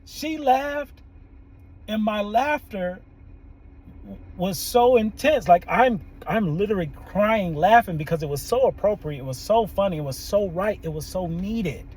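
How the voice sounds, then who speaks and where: Man, therapist telling a story, animated, laughs a lot, higher voice. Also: unhurried, husky, low-quality recording. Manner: animated, laughs often, quotes people in their own voices. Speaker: therapist, podcast host. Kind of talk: storytelling monologue.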